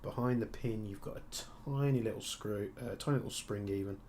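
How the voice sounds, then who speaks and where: Brummie guy doing a live build, chatty and easygoing, kinda low gravelly voice, bit of hiss behind. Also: brisk, darkish tone. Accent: Birmingham. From Birmingham, England. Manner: casual, chatty, explains as he works. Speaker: airsoft tech streamer.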